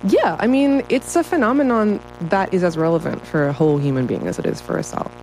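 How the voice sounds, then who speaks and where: A woman's voice: lowish voice, lively intonation, brisk, darkish tone, a little hiss or hum, low-quality recording. Enthusiastic woman writer, laughing often. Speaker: writer and guest. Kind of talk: casual interview conversation.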